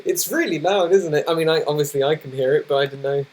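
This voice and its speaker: Young guy, slightly high voice, casual live-stream chat, keeps apologizing and restarting sentences. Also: quick pace. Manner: flustered, apologetic, rambling with many restarts. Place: indoors at his computer. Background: noisy laptop fan.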